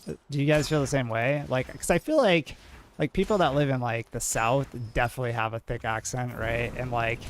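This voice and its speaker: Male game streamer, New England accent, mellow and laid-back, mid-range voice, casual chat. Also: mid-range voice, a little fast, a little hiss or hum. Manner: mellow, monotone, many "like" fillers.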